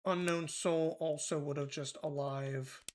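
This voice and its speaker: A man's voice: a little high, fairly even intonation, measured pace, a little hiss or hum. A man streaming a mystery game, thinking aloud in loose, casual commentary with offhand swearing.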